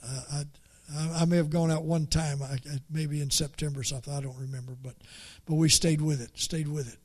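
A man preaching a folksy story, halting and repeating words as he goes. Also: fairly high pitch, fairly even intonation, a little mellow. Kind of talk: storytelling sermon.

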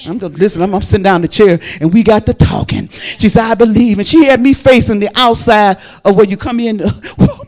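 A woman preaching a sermon, fervent and folksy, shouting and repeating her phrases. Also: medium pitch, fairly quick, few pauses.

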